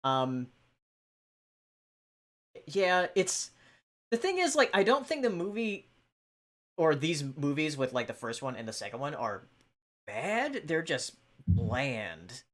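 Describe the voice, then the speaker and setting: A man's voice: a little high, very animated, slow pace, long pauses, a bit bright. Hesitant man hosting a podcast. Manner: hesitant, many fillers. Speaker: podcast host. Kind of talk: casual chat.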